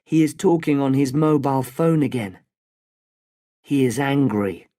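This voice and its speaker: A storybook narrator reading at a slow, deliberate pace, each sentence clear and separate. The pitch sits in the middle range with a steady delivery. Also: no room sound. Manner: slow, clear, evenly paced.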